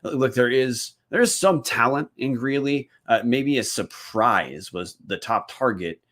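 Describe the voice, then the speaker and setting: A man's voice: medium pitch, expressive, measured pace, a bit bright. A man hosting a solo sports podcast, talking casually through a weekly rundown with frequent restarts. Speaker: podcast host.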